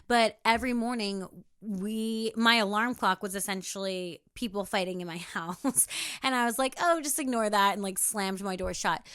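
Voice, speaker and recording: A young woman talks through a casual solo podcast in a bright, fairly high voice. She is emphatic and animated, swears freely, and acts out what others said. The sound is dry and close, with no room around it. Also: dry recording. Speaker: podcast host.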